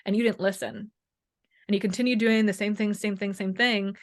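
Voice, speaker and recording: A woman's voice: medium pitch, a little fast. Chatty woman coaching with lots of "like". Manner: animated, acts out quoted voices; frequent "like" and "you know". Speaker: chronic pain and wellness coach, guest. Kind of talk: casual interview talk.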